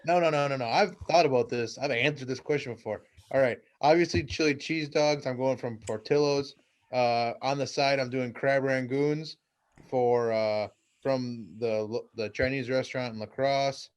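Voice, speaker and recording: A man's voice: medium pitch, steady tone, moderate pace. A man with a middle-range voice chats on a podcast. He teases the others and delivers his jokes with emphasis. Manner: teasing, jokey, emphatic. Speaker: podcast co-host. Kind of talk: casual podcast chat.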